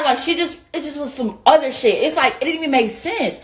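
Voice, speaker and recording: Young atlanta girl, southern accent, high-ish voice, cussing and doing voices while she tells the story. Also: moderate pace. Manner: animated, profane, mimics others in quoted voices. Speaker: vlogger. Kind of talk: casual storytime rant.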